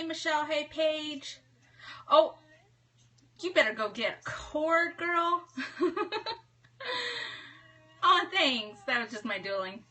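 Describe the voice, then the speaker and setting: Woman, 30s, home live-stream host; high, bright, chatty, welcoming. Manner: chatty, bubbly, reads out viewer names. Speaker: livestream host. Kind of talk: casual live-stream chat greeting viewers. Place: home office.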